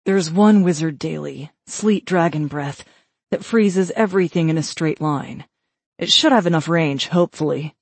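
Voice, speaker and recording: A man voicing a practical young woman gamer who calmly keeps her team moving. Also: fairly high pitch, normal speed, vocal fry, breathy edge, dry recording, voice pushed up. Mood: explaining. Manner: level-headed, urging the team on. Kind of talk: audiobook character voice.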